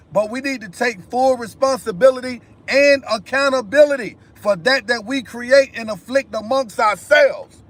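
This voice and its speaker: Emphatic high-voiced man on a livestream. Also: fairly bright tone. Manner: emphatic, repetitive, addresses viewers directly. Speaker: live stream host. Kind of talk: impassioned commentary monologue.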